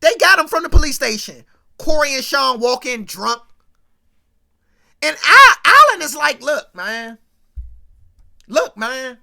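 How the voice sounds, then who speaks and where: Animated woman ranting. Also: high voice, moderate pace, vocal fry, pauses often. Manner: animated, slangy storytelling. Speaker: host recapping a sitcom episode. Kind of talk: casual comedic rant.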